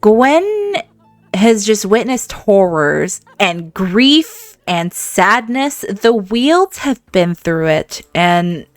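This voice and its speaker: A woman narrates her gameplay in a smooth, clear voice with a dry, close sound. She is animated, laughs often and keeps talking straight to her viewers. Faint music plays underneath. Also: mid-range voice, drawn-out words, no room sound. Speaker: gaming channel host. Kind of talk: let's-play game commentary.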